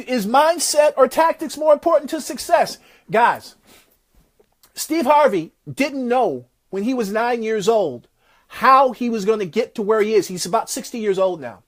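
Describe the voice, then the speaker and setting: A man giving a motivational talk, retelling a success story in an animated, preacher-like way. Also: very high voice. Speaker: motivational speaker.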